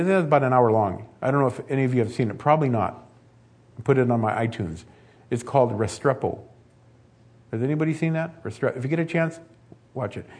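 A man delivering a sermon with a husky, slightly breathy voice. He talks to the congregation in an easy, conversational way, then pushes into loud, emphatic stretches. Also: mid-range voice. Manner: conversational, building to emphatic peaks. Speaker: preacher.

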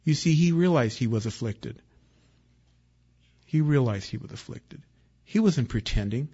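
Husky-voiced male preacher, lo-fi. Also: on the high side, normal speed, long pauses. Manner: conversational, acts out quotes, swings between loud and hushed. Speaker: pastor. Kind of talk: expository sermon. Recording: dull lo-fi recording.

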